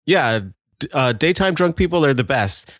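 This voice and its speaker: A man's voice: fairly high pitch, lively intonation, moderate pace, a bit bright, no echo, studio quality. A man co-hosting a podcast, telling a story in casual chat with frequent stammering restarts. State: tired. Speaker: podcast co-host.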